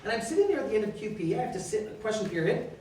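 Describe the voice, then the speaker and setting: A Canadian man, a member of parliament and guest speaker, telling stories in an animated way and acting out quoted dialogue. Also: sits high, rapid-fire. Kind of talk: storytelling talk. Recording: echoey and distant, faint noise.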